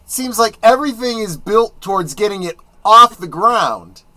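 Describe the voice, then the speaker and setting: A man with a bright, ringing voice hosts a casual movie commentary, his pitch jumping around as he talks. He is chatty and wry, reacting to what is on screen, and his voice sounds close and dry. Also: lively intonation, moderate pace, no room sound.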